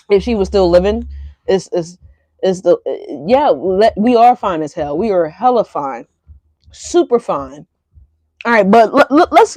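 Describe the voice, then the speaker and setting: A woman's voice: medium pitch, a little mellow, no room sound. Chatty woman tarot reader, dry sound. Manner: chatty, tags lines with "right?" and "y'all". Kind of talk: casual tarot reading to camera.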